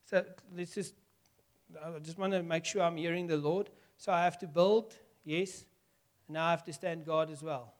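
A man preaching a sermon, acting out lively back-and-forth dialogue with God and laughing often. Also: high voice, normal speed. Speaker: pastor.

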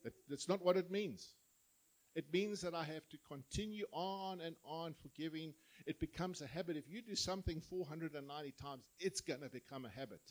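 A man's voice: a little high, fairly quick, low-quality recording. A man preaching a sermon, telling parables and acting out the voices of their characters. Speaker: pastor. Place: church.

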